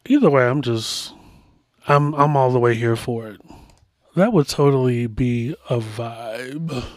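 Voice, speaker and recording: A man's voice: mid-range voice, measured pace, no room sound, studio quality. A man hosting a podcast, chatting casually and rambling through asides as he comments. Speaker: podcast host.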